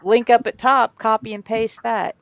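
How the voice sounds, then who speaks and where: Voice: mid-range voice, fairly even intonation, moderate pace, vocal fry, a bit bright, dry recording. Livestream host chatting, muffled sound. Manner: chatty, thinking aloud while working the stream. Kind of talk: casual livestream chat.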